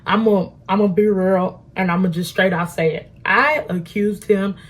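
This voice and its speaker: A young adult woman at home, telling an animated, slangy story while doing her makeup. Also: mid-range voice, moderate pace. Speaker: beauty vlogger.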